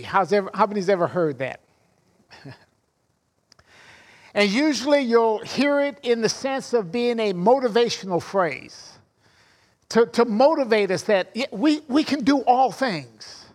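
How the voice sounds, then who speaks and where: A man's voice: sits high, animated, measured pace, long pauses, a little mellow. A man preaching a sermon as pastor, leading a prayer and stressing the words of the verses he quotes.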